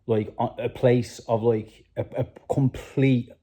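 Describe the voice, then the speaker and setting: A man's voice: medium pitch, level tone, a little slow, warm tone. A man hosting a casual chat, earnestly coaching a guest on manifesting and repeating "right?" often. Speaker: host. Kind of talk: motivational advice chat.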